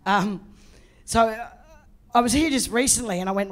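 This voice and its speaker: A middle-aged Australian woman doing stand-up, telling a story in a brash, profane, animated way. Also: medium pitch, moderate pace. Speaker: stand-up comedian.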